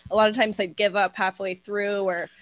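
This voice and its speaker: A co-host telling a story in casual chat, relaxed, saying "like" a lot. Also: mid-range voice, normal speed.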